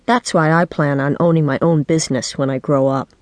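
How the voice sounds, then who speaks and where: A woman narrating a children's book in the first person, with lively, wry storytelling. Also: low-pitched, a little fast, no room sound. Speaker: audiobook narrator. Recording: dry studio audiobook.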